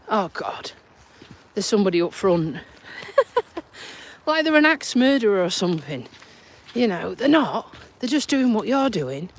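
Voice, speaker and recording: A woman from Lincolnshire with a Lincolnshire accent and a stuffy nose, chatting casually on a live stream while out walking, recorded on a phone. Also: mid-range voice. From Lincolnshire, England. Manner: chatty and self-mocking, with frequent laughs and dialect words. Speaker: vlogger. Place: outdoors on a countryside walk.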